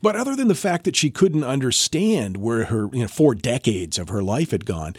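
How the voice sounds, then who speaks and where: A man's voice: mid-range voice, moderate pace, slightly rough, no echo, studio quality. A man co-hosting a podcast, telling a story in casual chat and acting out the quotes. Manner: animated, acts out quoted voices. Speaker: podcast co-host.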